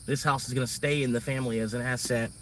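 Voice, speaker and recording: A man's voice: medium pitch, steady tone, fast, a bit bright, recorded from a distance, slight background noise. A man livestreaming a casual, rambling, profane rant about work and money. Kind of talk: casual venting monologue.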